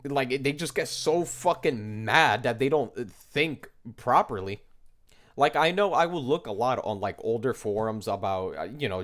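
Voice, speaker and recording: A young man from the United States ranting in a casual monologue, exasperated and swearing often as he mocks what others say. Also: mid-range voice. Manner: exasperated, swears often, mocking quoted voices. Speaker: commentator.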